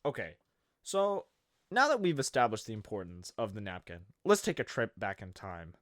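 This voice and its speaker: A man's voice: lowish voice, very animated, normal speed, fairly bright tone, no echo, studio quality. A man narrating a comedy history video in a sarcastic, jokey way, wandering off into rambling asides. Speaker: video host.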